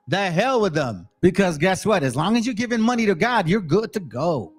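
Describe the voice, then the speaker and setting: Give me an excitable man with a high voice, teaching scripture in a slangy, casual way. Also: normal speed, hardly any pauses, breathy edge. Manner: excitable, repeats words, slangy, calls listeners family. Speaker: bible teacher. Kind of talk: casual scripture study talk.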